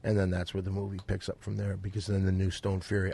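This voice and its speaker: Husky man steering a podcast. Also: low voice, monotone, fast. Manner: bossy, steers the talk, shouts to cut others off. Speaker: podcast co-host. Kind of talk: casual comedic banter.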